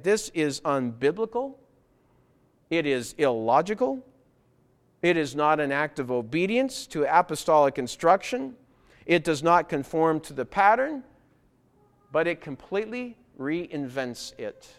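A man's voice: on the high side, big pitch swings, measured pace. A man preaching a sermon in a church, earnest and emphatic, hammering home key phrases through repetition. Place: church with baptistry.

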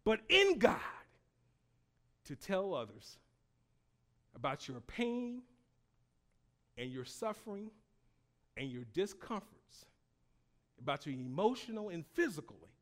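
Impassioned preacher, high lively voice. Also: male voice. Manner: call-and-response preaching, rising to shouts; slow, emphatic phrasing with long pauses. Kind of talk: sermon.

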